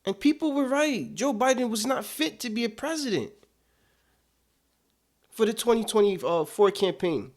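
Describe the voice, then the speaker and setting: A man's voice: high voice, animated, normal speed, pauses often. A man delivering political commentary, emphatic and indignant, repeating his points for weight.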